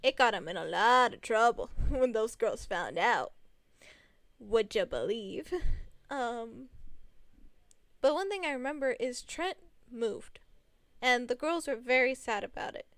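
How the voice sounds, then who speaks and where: A woman's voice: on the high side, expressive, a little slow, long pauses, a bit bright, no room sound. A young adult woman in casual storytime narration, chatty and rambling with many fillers.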